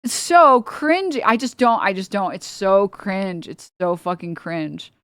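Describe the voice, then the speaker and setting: A woman streamer rants in loose, casual commentary, swearing freely and dripping with sarcasm. She rambles and circles back with plenty of filler words. Her voice sits at a middling pitch and sounds dry and close, with no room around it. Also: measured pace, a bit bright, dry recording. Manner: blunt, profane and sarcastic; rambling with many filler likes.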